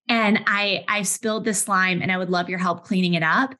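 A woman in her thirties, a head of HR, speaking conversationally in a webinar with lively anecdotes and frequent restarts. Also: medium pitch, brisk. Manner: animated, restarts often, vivid everyday anecdotes. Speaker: head of HR, session host.

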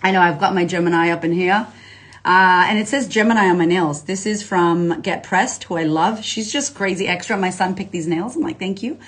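A woman life coach on a casual livestream, talking to followers in an energetic, slangy, profane way and reading out viewer comments. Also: on the low side, moderate pace.

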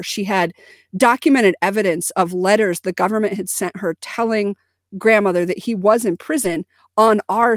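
A woman's voice: medium pitch, dry recording. Earnest woman, dry close sound. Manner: earnest, animated storytelling with fillers. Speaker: podcast co-host. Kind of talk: casual conversation.

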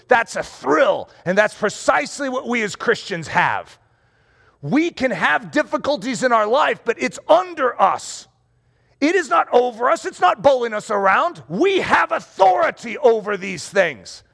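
Animated, high-voiced preacher man. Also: creaky. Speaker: pastor. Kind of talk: sermon. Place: room with rows of chairs.

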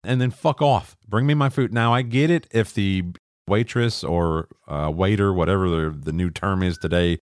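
A man's voice: deep voice, moderate pace, clean tone, no room sound, studio quality. A middle-aged man co-hosting a podcast, swearing freely as he rants and mimics people in casual chat. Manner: profane, ranting, acts out quoted voices. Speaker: podcast co-host.

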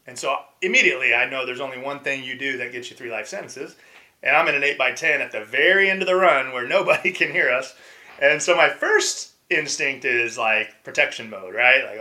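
A middle-aged man tells personal stories as a podcast guest. He is animated, acts out quotes and restarts often. His voice is very bright and forceful. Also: mid-range voice, a little fast. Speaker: podcast guest, former pro baseball player. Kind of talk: casual storytelling interview.

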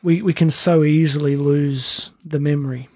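Give me a man hosting a podcast, friendly and curious, with a fairly high voice. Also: steady tone, normal speed, a little mellow. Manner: friendly, prompting questions. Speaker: podcast host. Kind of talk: casual interview chat.

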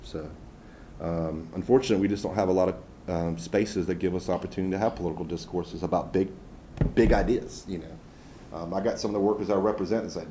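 A man's voice: low-pitched, fairly even intonation, quick pace, mellow, roomy sound, slight background noise, poor audio. A man with a Southern US accent, a labor organizer answering audience questions in a folksy, conversational way with many fillers and restarts. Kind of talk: casual public Q&A talk.

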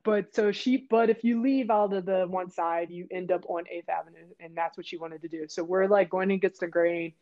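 Woman telling an animated story, mellow voice. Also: normal speed, hardly any pauses, dull audio. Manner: animated, acts out quotes with jumps in pitch. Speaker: guest. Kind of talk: casual storytelling.

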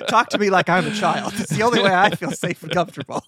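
A man's voice: high-pitched, very animated, moderate pace, a bit bright, slightly rough, dry recording. Young adult man, podcast co-host, loose self-mocking banter with cursing, dry close sound. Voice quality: swears freely, self-mocking. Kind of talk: casual chat.

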